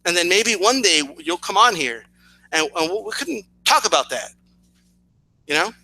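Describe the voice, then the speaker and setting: This boxing channel host's voice sits high and swings widely in pitch as he delivers a challenging response to a rival at a moderate pace. Bright and forceful, he's sarcastic and repetitive, restarting lines and repeatedly asking "right?". The recording is rough.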